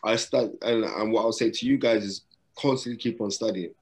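A middle-aged boxing broadcaster, guesting on an interview from a hotel room during lockdown, gives motivational advice in an emphatic, repetitive, preacherly way with street slang. His voice is lowish, a little fast, with fairly even intonation.

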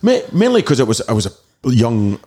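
A Scottish man in his forties, a DJ telling rambling, animated stories in a casual interview and mimicking shouts. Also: mid-range voice, fairly quick, slightly rough. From Scotland. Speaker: DJ guest.

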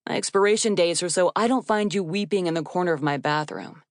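A woman voicing a tall man with crisp, precise consonants and a dry, deadpan manner. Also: fairly low pitch, a little fast, no echo, lightly acted. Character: tall deep-voiced man, dry and exacting.

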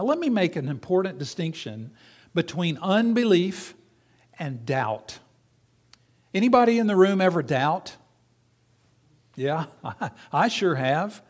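A man delivers a sermon to his congregation in a fairly high voice. He keeps it conversational, putting questions to the room as he teaches. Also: darkish tone. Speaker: pastor.

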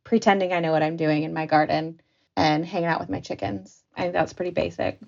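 A woman's voice: fairly low pitch, steady tone, brisk, gravelly. Woman co-host on a dull lo-fi podcast recording. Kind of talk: casual chat.

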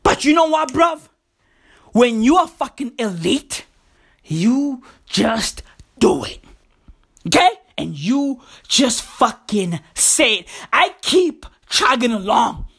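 Lively, slow-talking woman ranting profanely. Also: a little high, creaky, breathy edge. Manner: rambling, profane, repeats slang address "bruv". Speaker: podcast host. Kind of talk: freestyle comedic podcast monologue.

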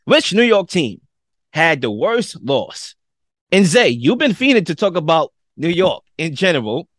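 A man's voice: a little high, sing-song, measured pace, a bit bright, dry recording. Guy hosting a sports show, upbeat, tosses it to his cohost, dead dry mic. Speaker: sports podcast host. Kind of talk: casual sports talk.

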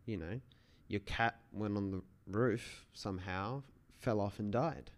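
A man's voice: lowish voice, a little slow, close to an everyday voice. A man voicing a blunt, matter-of-fact neighbor. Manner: blunt, defensive.

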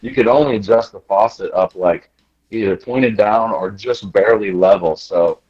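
In this muffled recording, a man from the United States speaks at a normal pace in a lowish voice. A guest on a podcast, he shares travel tales casually and animatedly, playing out the quotes and laughing as he goes.

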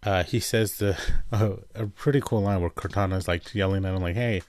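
A man casually recapping a TV episode, chatty and full of fillers, acting out characters' lines in quick voices. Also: low voice, steady tone, darkish tone, no echo. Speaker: show reviewer.

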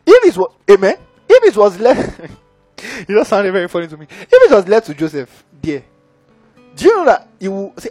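A man's voice: sits high, wildly swooping pitch, normal speed, a little mellow, soft background music. A man preaching a sermon, who keeps checking in with his audience. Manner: engaging, keeps asking the audience "are we together, guys?".

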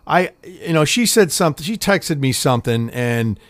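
A man's voice: a little high, animated, normal speed, no echo. Profane storytelling man, dry close mic. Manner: profane, storytelling with acted-out quotes. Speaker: podcast co-host. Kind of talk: casual chat.

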